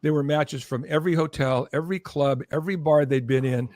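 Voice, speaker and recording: An older man, a podcast guest and former record executive, telling an animated story in conversation, acting out what others said and checking in with "okay?". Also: a little high, fairly quick, dry recording. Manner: animated, acts out quoted voices, keeps checking in with "okay?".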